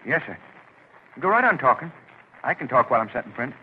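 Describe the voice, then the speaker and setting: A man's voice: medium pitch, very animated, brisk, natural voice. A man playing a modest, plain-spoken young printer from Vermont with a rural New England accent, in a 1940s radio drama. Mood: confident. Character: earnest young male country printer from Vermont. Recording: tinny lo-fi old radio broadcast with faint hiss.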